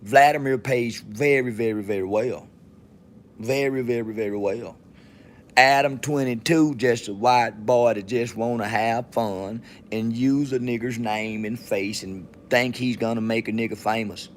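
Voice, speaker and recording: A man's voice: medium pitch, fairly even intonation, measured pace, a little hiss or hum. A man from Texas with a Southern accent, hosting his podcast alone in a profane, swaggering, mocking rant. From Texas, USA. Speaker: podcast host. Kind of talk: solo monologue to camera.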